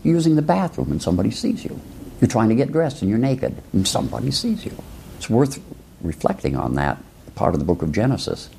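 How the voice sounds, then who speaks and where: A man from rural Illinois talks through his ideas like a professor, tossing out rhetorical questions and side remarks. His somewhat low voice is gravelly and husky. It rises and falls in a lively way. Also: a little fast, slight background noise. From rural Illinois, USA. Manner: musing, rhetorical questions, frequent asides. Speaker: philosophy professor. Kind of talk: reflective lecture-style talk.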